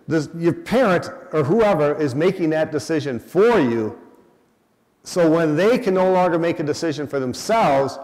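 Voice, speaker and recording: Older man, guest speaker, animated storyteller, slightly high voice, long hall reverb. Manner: animated storyteller acting out quoted people. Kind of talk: public talk. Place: event hall.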